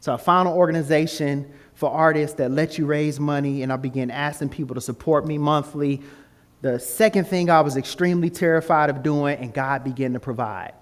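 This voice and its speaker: A man giving a testimony talk to a student group, telling his story in a casual way and acting out the voices in it. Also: fairly quick. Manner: animated storytelling, acts out voices with high pitch jumps; casual, informal grammar. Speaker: guest speaker.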